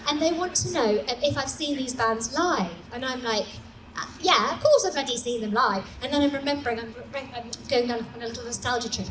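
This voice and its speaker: A woman in her forties tells comic stories live on a small stage, animated and self-mocking. Her voice sits high, and the room echoes with steady noise behind her. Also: distant mic. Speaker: storyteller. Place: small comedy venue, indoors.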